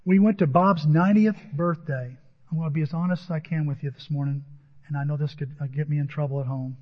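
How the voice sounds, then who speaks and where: A man's voice: fairly high pitch, fairly even intonation, fast. A middle-aged man preaching a sermon, telling a personal story in an earnest way with quoted dialogue. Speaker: pastor. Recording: dull audio with long hall reverb.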